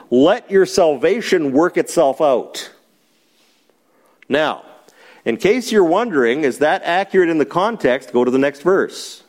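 A man's voice: fairly high pitch, a little mellow. A man teaching a Bible class, explaining a passage with emphasis and putting questions to the class.

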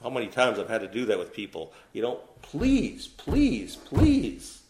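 A man's voice: fairly low pitch, fast, slight background noise. A man preaching a sermon, asking the congregation questions and answering them himself. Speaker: pastor. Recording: echoey room.

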